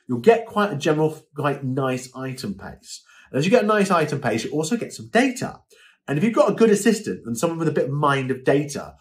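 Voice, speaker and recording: A young British man giving a chatty, casual lesson as a live-selling coach, often acting out voices as he explains. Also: mid-range voice. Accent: British English. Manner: chatty, animated, acts out quoted voices. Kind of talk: casual instructional talk.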